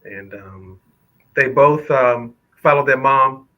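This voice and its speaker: Bright-voiced earnest man. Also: medium pitch, measured pace, poor audio. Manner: earnest, hesitant with "um". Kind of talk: casual talk show comment.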